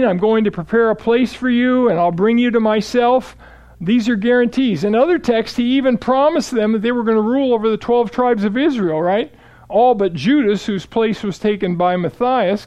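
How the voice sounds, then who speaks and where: A man giving a steady, explanatory Bible teaching, walking through verses and quoting scripture aloud. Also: sits high, moderate pace.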